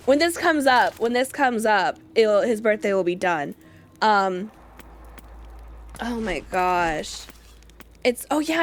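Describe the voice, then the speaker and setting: A young woman streaming a game, chatting casually in animated, laughing rants. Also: on the high side. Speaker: gaming streamer. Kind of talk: casual let's-play chat.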